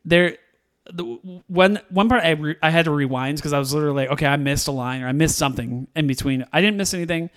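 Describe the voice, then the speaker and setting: A man with a somewhat high voice, chatting through a film review on a podcast. He is animated, laughs often and puts on the characters' lines as he retells scenes. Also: quick pace. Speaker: podcast co-host. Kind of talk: casual movie review chat.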